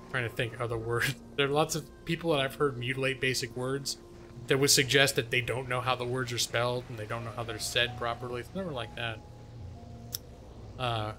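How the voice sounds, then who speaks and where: Bright-voiced man rambling on a stream. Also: mid-range voice. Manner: rambling, self-deprecating, swears casually. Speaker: gaming streamer. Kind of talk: casual live-stream chat. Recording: faint music behind.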